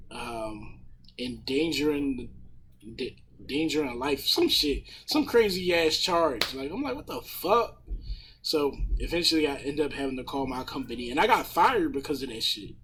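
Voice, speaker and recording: A man in casual podcast chat, retelling a story in a profane, animated way with a husky voice. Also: medium pitch, moderate pace, slight background noise. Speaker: podcast panelist.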